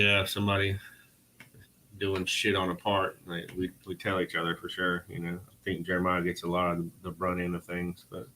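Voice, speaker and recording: Bright-voiced man swearing casually. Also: low voice, a little hiss or hum, poor audio. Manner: loose, profane storytelling. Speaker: band member. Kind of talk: casual podcast chat.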